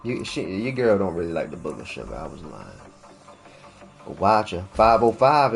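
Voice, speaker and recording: Over loud game music, a man with a deep, gravelly voice rambles and jokes through a fighting-game stream at normal speed. His profane, laid-back chatter has a sing-song lilt and slides into silly freestyle rhymes now and then.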